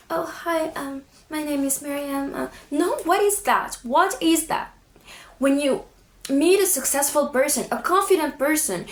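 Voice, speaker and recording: A woman's voice: sits high, echoey room. A woman vlogger giving direct, emphatic confidence advice straight to her viewers.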